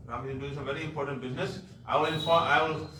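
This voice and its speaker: A young prince hurries to placate and plead, polite and eager to please, voiced by a male storyteller. The voice is bright and rings in an echoey room, picked up from a distance. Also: on the high side, steady tone, fast talker. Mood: placating. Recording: echoey room, mic far off, faint noise.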